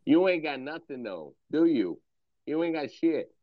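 A man's voice: fairly high pitch, big pitch swings, unhurried, no room sound. Brief: male host, aggressive profane taunter, lo-fi dull chat audio, dry sound. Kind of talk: voice chat insult exchange.

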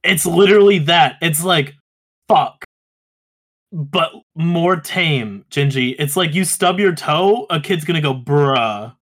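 A man co-hosting a casual podcast, his voice sitting a little high. He talks in animated bursts, swears often and breaks into laughs. His delivery is loose and conversational. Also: measured pace. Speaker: podcast co-host.

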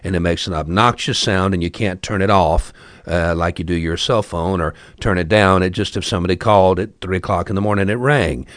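A man's voice: sits low, fairly quick, no echo. A man telling a story casually, wry and chatty with asides to the listener.

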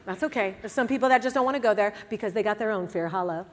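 A woman giving a sermon at a church service, candid and conversational, swinging between hushed and loud moments. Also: medium pitch, rapid-fire, in a large hall.

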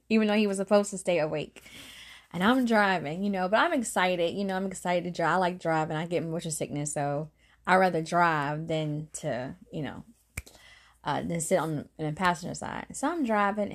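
A woman in her thirties hosting a podcast, telling a faith story in a casual, earnest way, often laughing and repeating phrases for emphasis. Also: mid-range voice. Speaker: podcast host giving a devotional talk.

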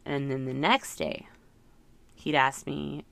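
A woman's voice: rumbling low, steady tone, slow pace, gravelly, fairly bright tone. A middle-aged woman talking through her thoughts in a casual, rambling, reflective monologue, full of fillers. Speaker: parent sharing reflections.

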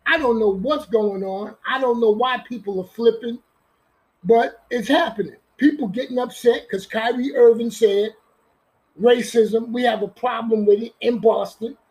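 Male podcast host, very high voice, emphatic and preachy solo sports rant. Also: normal speed, darkish tone, poor audio. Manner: emphatic, preachy, repetitive street-talk delivery. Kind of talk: energetic solo sports talk.

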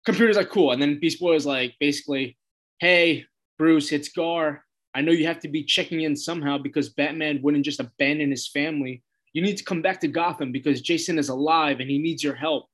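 A man with a slightly higher-than-average voice walks through a TV episode scene by scene. He talks casually and loosely, slipping into paraphrased dialogue for each character as he recaps the plot. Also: a little fast, fairly bright tone. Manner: loose retelling of scenes, quoting characters with "he's like".

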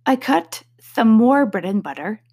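A woman's voice: a little high, lively intonation, measured pace, mellow, slightly rough, full character voice. A woman voicing a nervous male hatter on trial, speaking in a trembling, pleading way.

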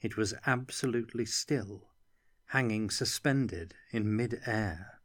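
Slow and low-voiced, this man narrates scripted fantasy as an audiobook reader. His delivery stays measured and even, recorded cleanly in a studio without any room sound.

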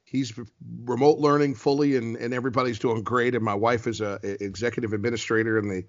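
A man's voice: medium pitch, steady tone, fast talker, no room sound, highs cut off. A man in his forties from the United States, a team TV host and courtside reporter, chatting as a podcast guest, laughing often and restarting his sentences. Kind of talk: casual podcast interview.

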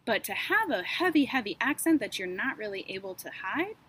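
A woman's voice: mid-range voice, sing-song, brisk, fairly bright tone, breathy edge. A woman co-hosting a podcast, recounting a true-crime case in a chatty, sarcastic way with lots of asides and fillers. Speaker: podcast co-host. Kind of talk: casual true-crime storytelling.

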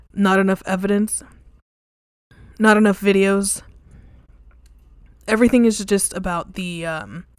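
A young woman talks through a ghost story on her podcast, casual and blunt, cursing freely and leaning on fillers like "like" and "you know." Her voice sits in a middle pitch. The recording is dry and close, with no room sound around it. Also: clear, resonant tone, dry recording. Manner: candid and profane, with frequent fillers. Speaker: podcast host. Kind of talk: casual storytelling about hauntings.

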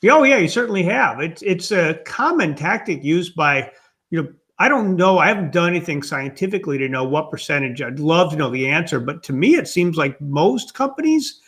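High-voiced man musing aloud. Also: big pitch swings, fairly quick, fairly bright tone. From Minnesota, USA. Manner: thoughtful, rambling, musing aloud. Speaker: guest, customer experience author. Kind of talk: conversational interview answers.

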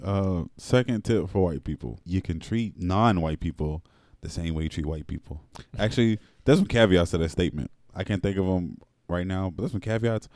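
Host, young man, very low dark voice, blunt, laughs a lot, dry close sound. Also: moderate pace, dry recording. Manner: laughs often, blunt and profane. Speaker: podcast host. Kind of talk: casual chat.

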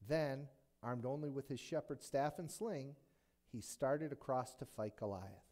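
A male pastor delivers a sermon, retelling a Bible story in an animated, joking way and firing off plenty of rhetorical questions. His voice is medium-pitched and he speaks a little slowly.

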